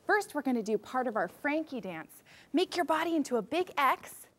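A woman teaches a children's music class with a high, bright-pitched voice. Her speech rises and falls with lots of animation. She stays upbeat as she leads the children through movement warm-ups. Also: very animated, normal speed.

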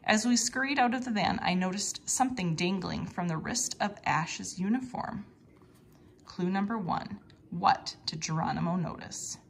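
A woman's voice: mid-range voice, moderate pace, slight background noise. A woman reading a children's mystery storybook aloud, with playful voices for the mouse characters. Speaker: read-aloud narrator.

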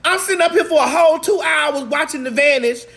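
A woman in a casual, profane vlog rant recapping a movie, swinging between shouts, laughs and low mutters, a little congested. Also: fairly quick, vocal fry. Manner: talks straight to viewers. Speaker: vlog host.

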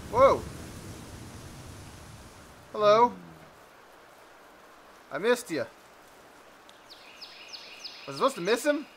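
A young man giving jokey, excitable commentary over a game he's playing, often yelping in surprise. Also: very high voice, takes it slowly, pauses often, slight background noise. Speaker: let's play host. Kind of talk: gameplay commentary.

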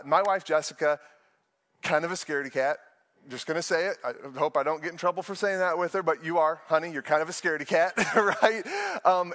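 Animated young male pastor preaching. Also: on the high side. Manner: animated storytelling, acts out voices in anecdotes. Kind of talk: sermon streamed online.

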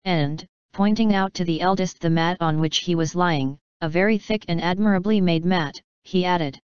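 A woman reading a classic novel aloud as an audiobook narrator, in a measured, even way. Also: on the low side, smooth, dry recording, highs cut off.

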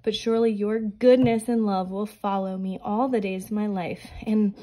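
Soft-spoken woman, slightly breathless. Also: mid-range voice, steady tone, normal speed, hardly any pauses, rough recording. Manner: soft, earnest, prayerful. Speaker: budgeting channel host. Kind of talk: casual chat and scripture reading.

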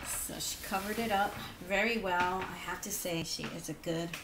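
A woman vlogger unboxing mail at home, talking slowly and gently with heartfelt thanks to God and her viewers. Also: lowish voice, steady tone. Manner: slow, gentle, religious and thankful. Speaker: yarn crafting vlogger. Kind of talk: casual unboxing chat. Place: hot home room with a fan behind. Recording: faint fan noise.

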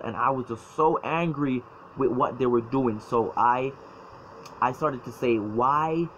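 Man giving a halting personal testimony, restarts a lot, slightly dull lo-fi sound. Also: mid-range voice. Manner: halting, repeats words, emotional. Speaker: former church member telling his story. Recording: dull lo-fi sound, faint noise.

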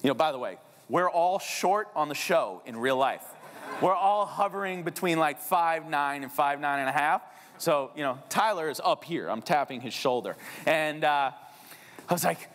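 A man in his thirties telling a sales story on a theater stage, acting out the people in it and jumping his voice up when excited. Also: on the high side, normal speed, in a large hall. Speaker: keynote speaker and realtor. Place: large theater.

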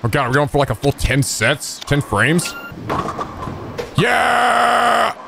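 Heavy background noise surrounds a man speaking at normal speed in a medium pitch. He is a let's play host whose gaming commentary bursts with swearing and pretend-angry, excitable trash talk.

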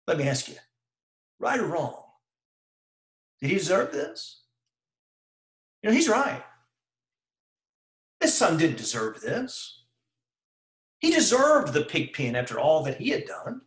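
A man's voice: a little high, big pitch swings, slow pace, long pauses, fairly bright tone, echoey room, rough recording. A man preaching an earnest sermon over a video call, calling his listeners brethren and putting questions to them. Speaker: preacher leading a devotion.

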